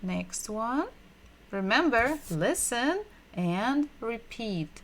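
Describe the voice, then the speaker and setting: A woman's voice: medium pitch, lively intonation, slow, a bit bright. A woman who speaks natively teaches a language lesson, patiently repeating sounds and asking learners questions. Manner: asks the audience questions.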